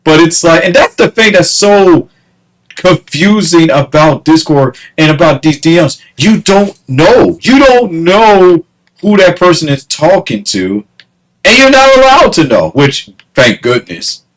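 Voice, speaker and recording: A man's voice: fairly high pitch, very animated, measured pace, poor audio. A man ranting casually to camera, exasperated, repeating himself and breaking into laughter. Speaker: vlogger.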